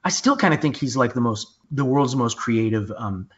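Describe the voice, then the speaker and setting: A man hosting a podcast in casual chat, blunt and quick to swear, often restarting his sentences. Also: medium pitch, expressive. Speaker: podcast host. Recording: dull lo-fi podcast audio.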